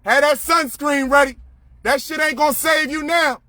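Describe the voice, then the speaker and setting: A man's voice: very high voice, steady tone, normal speed, bright, forceful tone. A man ranting to camera, profane and confrontational, repeating himself.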